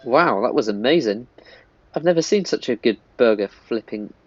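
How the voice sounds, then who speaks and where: A man chatting his way through a mobile game, upbeat, laughing easily, and reading the on-screen lines aloud. His voice sits at an ordinary middle pitch. The recording is a little muffled and lo-fi. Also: lively intonation, normal speed, slight background noise. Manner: enthusiastic, laughs often, reads game text in shifting tones. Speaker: gaming YouTuber. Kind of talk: casual gameplay commentary, reading dialogue aloud. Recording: slightly dull lo-fi sound.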